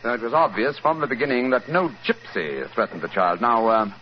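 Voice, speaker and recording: An actor playing a calm, brilliant Victorian detective in a 1940s radio drama, crisp and unhurried. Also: male voice, medium pitch, close to an everyday voice. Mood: assured. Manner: crisp, unhurried, coolly amused. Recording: dull, faintly hissy 1940s radio broadcast.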